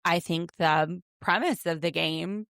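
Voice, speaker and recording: Low gravelly woman recapping. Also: unhurried, fairly bright tone, dry recording, clean studio sound. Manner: analytical, retells scenes with quoted asides. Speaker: podcast co-host. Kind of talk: casual recap chat.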